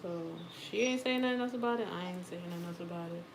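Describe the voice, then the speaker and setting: A woman's voice: lowish voice, fast, slight background noise. A woman teaching a live wig-making class, explaining steps in a casual, chatty way.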